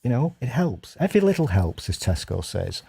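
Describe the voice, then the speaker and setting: A man's voice: mid-range voice, big pitch swings, brisk, creaky, warm tone, slightly rough. A man on a casual panel chat, teasing and playful. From United Kingdom. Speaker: panel guest.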